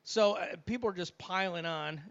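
A man's voice: high-pitched, moderate pace, clear, resonant tone. A man co-hosting a casual chat, telling stories from playing in a band and laughing often. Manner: laughing storyteller, often trailing off quietly. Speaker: podcast co-host, former band musician. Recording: muffled lo-fi sound.

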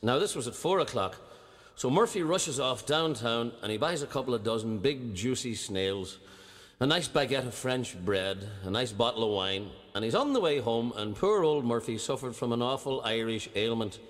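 A man telling a long comic story, animated and putting on other characters' voices as he goes. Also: mid-range voice, normal speed. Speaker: joke teller. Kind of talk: telling a joke. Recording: long hall reverb.

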